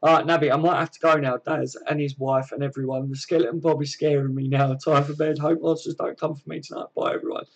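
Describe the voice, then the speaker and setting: Talking fast with few pauses, this livestream host has a high, flat-sounding voice, and the audio's highs are cut off. He chats in a friendly way from home, reading viewer comments and calling everyone mate.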